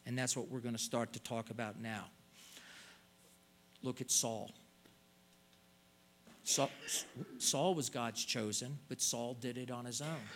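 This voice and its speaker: An older man preaching a sermon in an earnest way, stretching out words and pleading as he stresses points. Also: mid-range voice.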